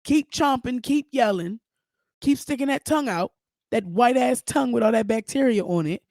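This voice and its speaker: A woman's voice: fairly high pitch, normal speed, no room sound. Outspoken woman podcaster, dry sound. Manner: outspoken, animated, profane. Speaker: podcast host. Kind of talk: casual commentary.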